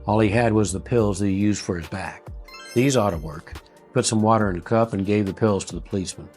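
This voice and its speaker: A male host narrating a heartfelt story in a slow, earnest, folksy way. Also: fairly low pitch, steady tone, darkish tone, soft background music.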